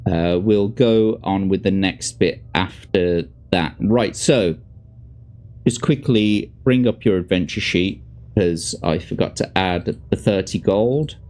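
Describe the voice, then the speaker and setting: A deep-voiced man speaks slowly as he hosts a show, reading a fantasy gamebook aloud to a guest. His reading is lively and expressive, and between passages he chats casually with relaxed asides.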